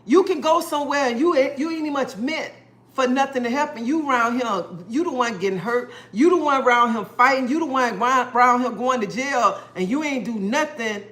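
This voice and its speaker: A woman's voice: high voice, brisk, a bit bright. A middle-aged woman talking earnestly on her livestream, repeating her points and greeting viewers by name. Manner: earnest, preachy, repeats herself. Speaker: livestream host. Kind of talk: casual livestream talk.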